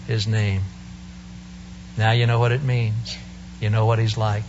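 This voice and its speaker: A man's voice: fairly high pitch, muffled recording, slight background noise. A male preacher giving a sermon in a church service, telling the story with humor and playful asides.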